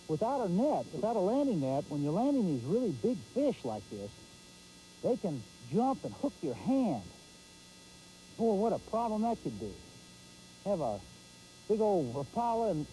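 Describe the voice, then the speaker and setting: A man hosting a fishing show, giving folksy live commentary from a boat on a pond and exclaiming loudly. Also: sits high, slight background noise, poor audio.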